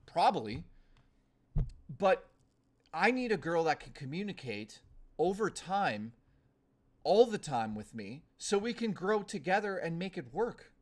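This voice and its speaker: A young man talks to his stream in a blunt, rambling way, cursing freely and circling back on himself. His voice sits a little higher than most men's. He keeps it casual and direct, like off-the-cuff chat. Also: big pitch swings, measured pace, pauses often. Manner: blunt, profane, ranting and rambling. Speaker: live streamer.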